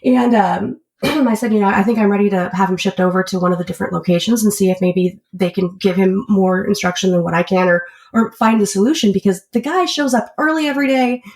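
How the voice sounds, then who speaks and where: A woman's voice: mid-range voice, brisk, darkish tone. A woman who works as an auto shop service advisor, a podcast guest talking candidly and chattily with fillers and self-corrections. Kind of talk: casual interview chat.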